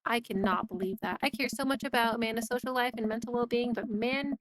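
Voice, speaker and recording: A woman voicing a kind single father who gives his daughter gentle, reassuring advice. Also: on the high side, fast talker, background noise, lightly acted. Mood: bemused. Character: kind, joking single dad. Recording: music playing behind.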